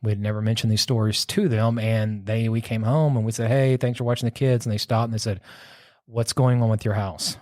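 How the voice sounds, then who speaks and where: A man's voice: on the low side, fairly even intonation, brisk, mellow, no echo, studio quality. Rambling man telling a spooky story. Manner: rambling, restarts with "so anyways". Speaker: podcast host telling a story. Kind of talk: casual storytelling.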